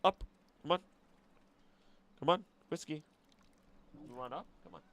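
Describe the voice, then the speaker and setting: A man chatting casually on a live stream, animated and talking to himself and his pet. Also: on the high side, a little slow. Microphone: desk microphone.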